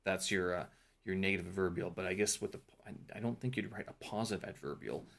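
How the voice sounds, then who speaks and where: A man with a fairly low voice talks through his study notes for a vlog. He rambles and thinks aloud, full of fillers and restarts, in a relaxed, unscripted way. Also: fast, creaky. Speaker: vlogger reviewing a teacher training course. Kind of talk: casual talk-through vlog.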